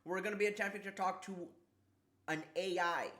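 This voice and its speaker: A man streaming casually, talking haltingly with a slight lisp from a sore tongue, repeating words and struggling with S sounds. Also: high-pitched, fairly even intonation, a bit bright. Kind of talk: casual livestream chat.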